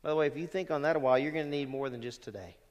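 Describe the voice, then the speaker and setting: A pastor speaks rapid-fire in a church sanctuary, the muffled recording trailing a long reverb. Emphatic throughout, he rises loud when quoting verses, falls low at the close of phrases, and calls out questions to the congregation.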